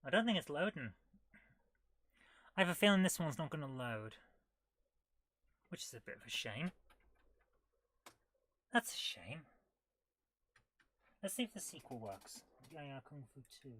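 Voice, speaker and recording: A woman's voice: deep voice, big pitch swings, unhurried, pauses often, fairly bright tone. A woman streaming retro games, thinking aloud as she plays and reacting with amused disbelief. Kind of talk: casual live gameplay commentary.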